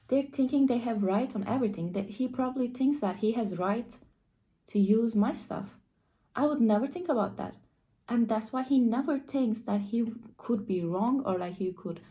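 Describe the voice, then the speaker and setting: A woman's voice: on the high side, normal speed, rough recording. A young adult woman vlogging, retelling an annoying encounter in a casual, indignant way, peppered with "like". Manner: animated, indignant retelling with frequent "like" fillers. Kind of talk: casual storytelling to camera.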